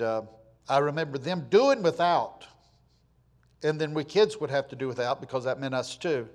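A man, preaching in a folksy storytelling way, repeating words for weight and swinging from loud to hushed. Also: medium pitch. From Florida, USA. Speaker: pastor. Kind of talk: storytelling sermon.

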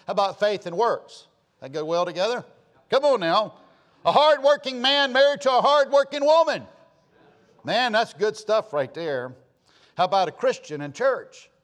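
A Southern preacher man delivers a homespun sermon, his fairly high voice rising into loud calls and dropping into quiet asides. His Southern accent colors every story he tells. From Georgia, US. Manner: folksy storytelling, swinging between loud preaching and low asides. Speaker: pastor.

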